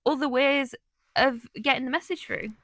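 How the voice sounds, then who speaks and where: A woman's voice: sits high, fairly even intonation, moderate pace, fairly bright tone, no room sound. A woman co-hosting a podcast in casual chat, supportive and affirming with a cheeky sense of humour. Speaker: podcast co-host.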